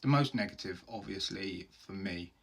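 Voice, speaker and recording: A man's voice: low-pitched, normal speed, creaky, fairly bright tone, a little hiss or hum. A man hosting a solo question-and-answer video, talking in an open, earnest and heartfelt way in plain everyday words. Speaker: host answering viewer questions. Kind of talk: candid solo Q&A.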